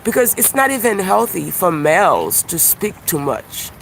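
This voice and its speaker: A man live-streaming outdoors by a busy street, rambling through a profane, animated monologue and laughing at his own jokes. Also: sits high, normal speed, gravelly. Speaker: YouTube livestreamer and self-described comedian. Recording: outdoor street traffic noise. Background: passing cars and birdsong.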